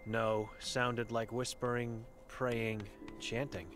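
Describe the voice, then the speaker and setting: A man's voice: mid-range voice, flat delivery, takes it slowly, over music, lightly acted. A man reading the chalkboard words of an old blind, mute woman in a game, in terse, broken phrases. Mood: cryptic.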